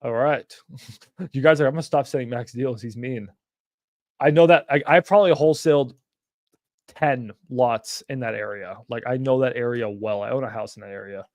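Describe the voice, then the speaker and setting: A man's voice: mid-range voice, moderate pace, dry recording, studio quality. Blunt, profane man hosting a livestream. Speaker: livestream host. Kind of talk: casual livestream chat.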